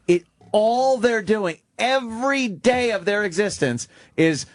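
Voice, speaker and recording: A man's voice: sits high, expressive, no room sound. Chatty man riffing on talk radio. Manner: conversational, mimics cops and suspects with quick voice shifts. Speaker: radio show co-host or guest. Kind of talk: casual radio talk show chat.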